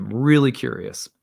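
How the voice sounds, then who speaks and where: A man hosting an astrology talk, telling a personal story in a halting, reflective way. His mid-range voice carries a steady gravelly fry. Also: mid-range voice. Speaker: astrologer host.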